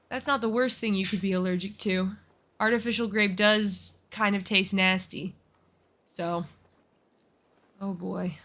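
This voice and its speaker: Here a woman streams a video game and chats casually, throwing curses at enemies and ribbing herself over her skills. Her voice is medium-pitched with a fairly bright tone.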